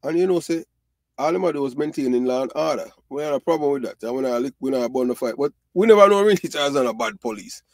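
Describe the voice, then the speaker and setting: A man's voice: medium pitch, quick pace, no echo. A middle-aged Jamaican man hosting his channel, talking casually and animatedly to viewers, repeating himself and mixing in Patois with many fillers. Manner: animated, repetitive, Patois-mixed talk with frequent fillers. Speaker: channel host.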